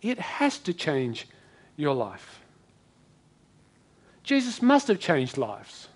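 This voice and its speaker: A man with a high voice preaches a sermon. He talks dramatically and acts out the voices in the stories he tells, going from loud cries to hushed, drawn-out lines. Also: huge pitch swings, slightly rough. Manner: dramatic, acts out quoted voices with swings in pitch and loudness. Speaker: pastor.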